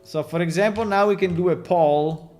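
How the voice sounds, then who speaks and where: A man's voice: sits high, moderate pace, darkish tone, soft background music. A man from Italy with an Italian accent, rambling and joking with his chat in a casual live stream while he works on a game.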